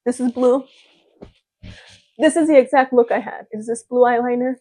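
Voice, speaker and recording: A woman's voice: on the high side, fairly even intonation, normal speed, mellow, no echo. A young woman vlogging in a casual chat to camera, talking freely and laughing often. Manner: chatty, laughs often, mimics gushing voices.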